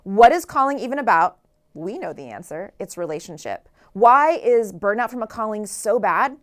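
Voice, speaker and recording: A woman's voice: mid-range voice, animated, moderate pace. A woman author giving an earnest motivational talk, asking the listeners rhetorical questions. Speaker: author and speaker.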